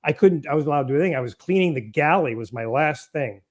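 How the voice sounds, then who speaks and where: A man's voice: fairly high pitch, animated, quick pace, a little mellow. Rambling middle-aged man, blunt and talkative. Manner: rambling, self-interrupting, blunt. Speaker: guest. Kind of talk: casual conversation.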